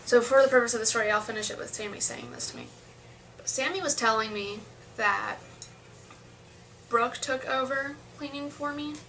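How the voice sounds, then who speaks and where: A young woman tells a long story to her camera, rambling and restarting as she goes. Her voice sits a little high and sounds bright. She is a bit far from the mic, with a faint hum behind her. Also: expressive, normal speed, gravelly. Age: young adult. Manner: chatty, rambling with restarts and asides. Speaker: vlogger.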